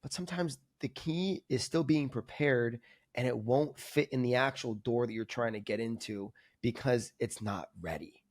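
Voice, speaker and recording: A man talks openly as a podcast guest, his speech spilling out in loose, restarting sentences packed with filler words. His voice sits at an ordinary middle pitch, lively and earnest in delivery. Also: moderate pace, no echo, clean studio sound. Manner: energetic, rambling, full of "like" fillers. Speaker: podcast guest, coaching client. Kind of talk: candid conversational reflection. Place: lives in Argentina, remote podcast.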